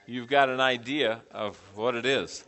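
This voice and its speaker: A middle-aged man leads a church teaching session with a bright, clear voice at an ordinary pitch. He asks the group question after question and repeats their answers back to them. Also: fairly even intonation, measured pace. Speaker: preaching class teacher. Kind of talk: interactive class teaching.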